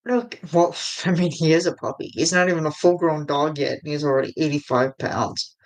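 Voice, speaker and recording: An adult livestream host chatting casually with viewers, enthusiastic and quick to giggle. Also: mid-range voice, fairly even intonation.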